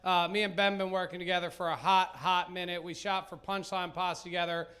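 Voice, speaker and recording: A man hosting a comedy show, pumping up a live crowd loudly. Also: high voice, little pitch movement, a little fast. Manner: loud, pumped-up crowd hype. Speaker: show host. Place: comedy club stage.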